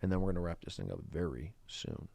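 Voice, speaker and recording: A man's voice: low-pitched, sing-song, fast, creaky, slightly rough, no echo, studio quality. Erratic man rambling on a livestream. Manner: erratic, swings between shouting and mumbling. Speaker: livestream host. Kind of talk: rambling solo livestream chat.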